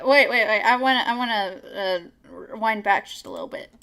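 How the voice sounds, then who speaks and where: A woman's voice: mid-range voice, fairly quick, creaky, bright, forceful tone, clear, resonant tone. A woman chatting on a livestream, interjecting often with hesitant fillers. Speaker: livestream co-host. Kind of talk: casual livestream commentary.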